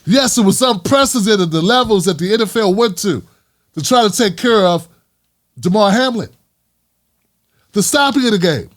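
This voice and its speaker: A man's voice: high voice, normal speed. A man hosting an opinion vlog, delivering an impassioned, emphatic monologue that repeats lines for emphasis. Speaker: commentary vlog host.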